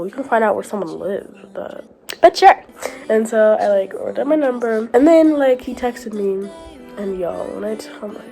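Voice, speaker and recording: A woman's voice: on the high side, warm tone. Young woman, casual vlog storytelling, scratchy sore throat, coughs, filler-heavy chatter, faint background music. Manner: chatty, fills speech with "like", laughs often. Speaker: vlogger.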